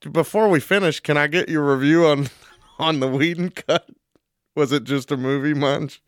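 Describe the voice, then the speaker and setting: A man's voice: on the high side, normal speed, smooth, dry recording, clean studio sound. A man co-hosting a casual podcast chat, joking and teasing the others and laughing often. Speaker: podcast co-host.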